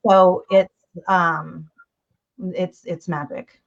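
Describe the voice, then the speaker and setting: A middle-aged woman speaking as a guest communication coach in a conversational interview. She talks in an animated way and acts out family dialogue, with many restarts. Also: on the low side, drawn-out words, vocal fry. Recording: dull lo-fi audio.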